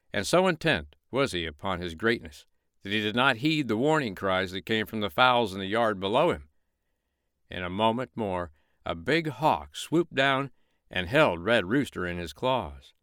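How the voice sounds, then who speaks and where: A man's voice: lowish voice, fairly bright tone, no echo, clean studio sound. A man reading a bedtime story aloud as narrator, folksy and chatty in his asides.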